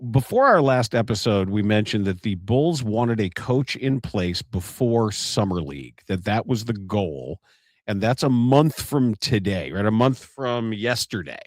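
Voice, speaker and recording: A man co-hosting a casual sports podcast, reacting quickly and reading out news reports. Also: fairly low pitch, sing-song, no room sound, clean studio sound. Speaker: podcast co-host.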